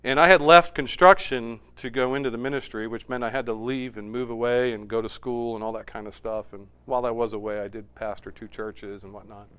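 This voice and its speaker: A man's voice: medium pitch, fairly even intonation, a little fast, hardly any pauses, a bit bright, clear, resonant tone. A middle-aged man, a pastor, preaching a sermon in a storytelling way with emphatic repetition.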